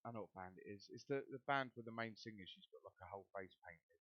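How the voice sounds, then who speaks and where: A man's voice: on the low side, fast talker, dry recording. A man co-hosting a podcast in casual chat, rambling with many fillers. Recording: dull lo-fi sound.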